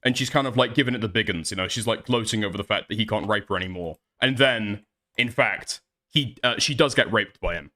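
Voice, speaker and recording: A man's voice: on the low side, a little fast, pushed and bright. A man hosting a livestream, arguing bluntly and profanely with a caller. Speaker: streamer host. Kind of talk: heated livestream commentary.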